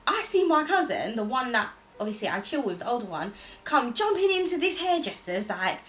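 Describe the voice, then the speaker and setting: A young woman vlogger with a voice on the high side chats briskly to camera, telling a personal story and animatedly acting out what others said. The recording is rough, with slight background noise.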